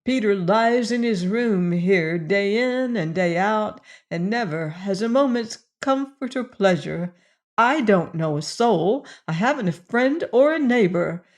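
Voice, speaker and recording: A middle-aged mother speaks in a reproving, martyred manner, voiced by a woman narrator. Her delivery is slow and deliberate. This is an audiobook character voice. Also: mid-range voice, expressive, close to an everyday voice.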